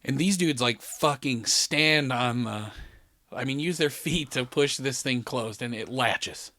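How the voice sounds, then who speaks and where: A man's voice: medium pitch, a little slow, pushed and bright, no room sound. Profane, laughing man telling a rambling story. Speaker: podcast storyteller. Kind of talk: casual chat. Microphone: podcast studio mic.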